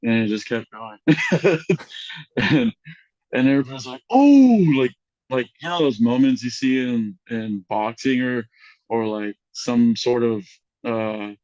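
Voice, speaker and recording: A young man on a podcast telling embarrassing stories in a loose, chatty way, acting out the voices of other people with big jumps in pitch and filling his talk with "like" and "you know". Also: measured pace, no echo, lo-fi sound. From Mexican heritage. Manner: animated, acts out quotes with big voice jumps, lots of fillers. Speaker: podcast guest. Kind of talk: casual storytelling chat.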